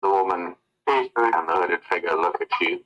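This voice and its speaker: A man narrating as game master of a tabletop game, telling the scene in a casual, relaxed way. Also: sits low, moderate pace, low-quality recording.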